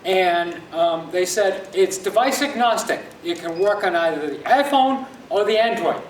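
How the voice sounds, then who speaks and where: A man telling an animated, sarcastic story at a user group meeting in an office room. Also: high-pitched, unhurried. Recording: distant echoey room, background hum.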